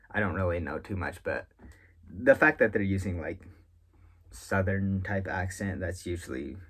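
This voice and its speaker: Reading through a manga chapter, a man with a low, husky voice reacts as a reviewer would. His commentary rambles, thinking out loud with frequent filler words and self-corrections.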